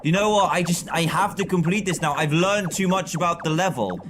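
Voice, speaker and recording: A man streaming live gameplay with excitable, frustrated commentary, often yelling at the game. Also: high-pitched, fairly quick.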